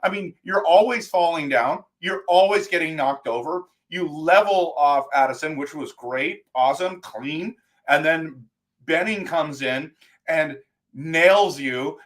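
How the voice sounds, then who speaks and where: High-pitched man, livestream host, fan rant, exasperated and animated. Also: a little slow. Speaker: live stream host. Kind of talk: post-game fan talk.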